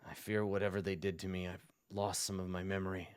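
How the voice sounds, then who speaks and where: A man putting on a tired, soft-spoken cleric, dry and close to the mic. He talks low and quietly, halting and murmuring as he hunts for words. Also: completely flat delivery, smooth, no echo, close to an everyday voice. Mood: weary. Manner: hushed, halting, murmured delivery. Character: weary amnesiac male cleric, soft-spoken.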